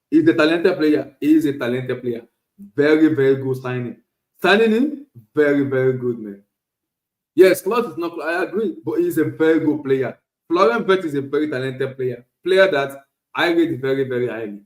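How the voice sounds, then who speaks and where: A man hosting a casual solo football talk stream, animated and repetitive, often restarting phrases. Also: on the high side, moderate pace, echoey room, poor audio. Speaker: podcast host. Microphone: streaming setup.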